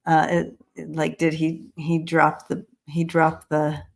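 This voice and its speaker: A woman's voice: low voice, completely flat delivery, slow, creaky. A woman hosting a live stream, greeting viewers by name and talking casually with many fillers and restarts. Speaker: host of a live-stream psychic reading show.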